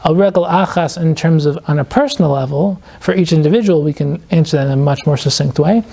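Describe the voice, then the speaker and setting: Man, podcast guest author, earnest, reflective, warm low-key tone, slows for emphasis. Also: creaky. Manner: fills speech with "like" and quoted inner questions. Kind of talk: explaining ideas in a podcast interview.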